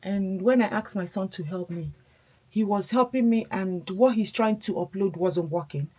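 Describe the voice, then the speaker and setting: Woman doing her makeup and just chatting, kinda breathy husky voice, encouraging. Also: medium pitch, moderate pace, darkish tone. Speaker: beauty vlogger, mother. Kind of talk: casual chat while doing makeup.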